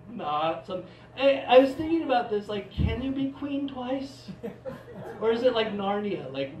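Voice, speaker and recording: A man's voice: high voice, a little mellow, slight background noise. A man from Portland doing a stand-up comedy set, rambling and self-mocking with many restarts. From Portland, Oregon. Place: theater stage. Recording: live theater mic, roomy, from a distance.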